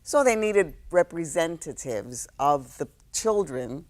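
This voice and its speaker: A woman in her sixties from New York City, a guest telling stories in a relaxed interview, reflective, with many fillers and restarts. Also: low-pitched, takes it slowly. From New York City, South Bronx. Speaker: guest, actress.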